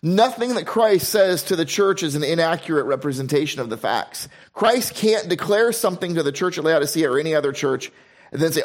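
A male pastor preaching a Bible sermon, slowing down to stress key phrases and mixing in casual, humorous asides. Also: fairly high pitch, lively intonation.

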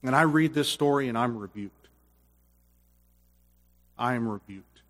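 A man preaching a sermon as pastor, earnest, swinging from loud bursts to hushed quiet, then leading a closing prayer. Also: medium pitch, measured pace, pauses often, big-room sound.

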